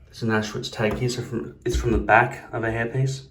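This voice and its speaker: A man's voice: medium pitch, flat delivery, normal speed, fairly bright tone, slight background noise. A man vlogging casually to camera, blunt and profane, wandering into rambling asides. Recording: echoey room.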